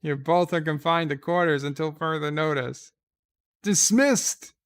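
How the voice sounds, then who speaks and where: A man's voice: a little high, fairly even intonation, moderate pace, fairly bright tone, smooth, natural voice. A man putting on the voice of a stern male starfleet captain scolding two cadets in clipped tones.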